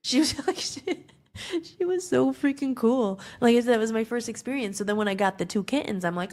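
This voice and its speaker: A woman's voice: a little high, a little fast, a little mellow. A woman hosting a podcast, telling an emotional personal story in a rambling way, with many fillers and restarts. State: tearful at times. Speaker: podcast host.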